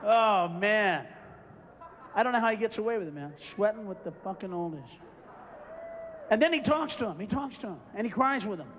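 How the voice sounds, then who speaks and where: A male stand-up comedian ranting profanely and shouting through a live routine. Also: sits high, lively intonation, normal speed, pauses often, long reverb tail, noisy background.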